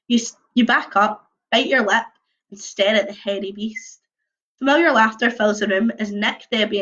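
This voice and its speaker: A young woman reading a choose-your-own-adventure book aloud on a livestream, mixing lively narration with casual chatty asides. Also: mid-range voice. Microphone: computer or phone mic on a video stream. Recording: dull lo-fi livestream audio.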